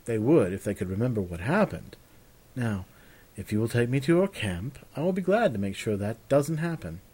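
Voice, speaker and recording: A genial male bard from a storybook speaks in polite, formal turns with quiet amusement, as a man plays him. His voice stays close to an everyday male middle register. He sounds calm and in control. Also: mid-range voice, moderate pace, slightly rough.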